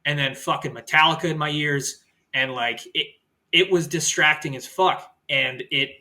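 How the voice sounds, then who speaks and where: Bright-voiced man in casual chat. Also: fairly high pitch. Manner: laughs easily, swears casually, quick reactions. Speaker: podcast guest.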